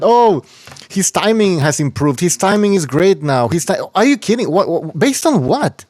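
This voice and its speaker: A man hosting a boxing podcast talks bluntly and with scorn, swearing casually as he dismisses fighters. His voice sits fairly high for a man. The sound is close and dry, with no room around it. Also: no echo. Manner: blunt, scoffing, curses freely. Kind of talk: casual profane boxing talk.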